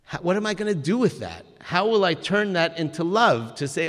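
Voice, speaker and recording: A man's voice: high voice, big pitch swings, moderate pace, fairly bright tone. A man giving a religious lesson, speaking earnestly and emphatically with frequent restarts. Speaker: religious teacher. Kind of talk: Torah lesson with stories. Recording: long hall reverb.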